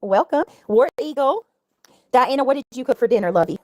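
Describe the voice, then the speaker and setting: A woman's voice: high voice, expressive, brisk, dry recording, clean studio sound. A woman livestreaming in casual chat, giggling, swearing freely and thanking her viewers.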